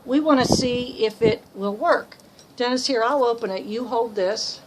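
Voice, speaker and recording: A woman's voice: on the high side, normal speed, background noise. A middle-aged woman chatting playfully in a casual travel vlog, laughing easily at herself. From United States. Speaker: vlogger traveling with her husband.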